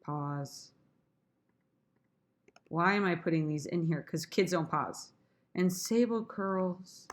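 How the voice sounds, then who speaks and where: Woman drama teacher walking students through her rehearsal prep; lowish voice, slow and easygoing. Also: fairly even intonation. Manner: talks through her own sonnet rehearsal, trying lines aloud; chatty, addresses students directly. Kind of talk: screen-recorded lesson.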